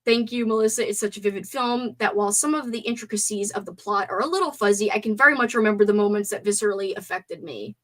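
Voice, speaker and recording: A young woman hosting a casual live stream movie talk, animated, swearing and gasping as she reads out chat comments. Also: mid-range voice, fast talker, hardly any pauses.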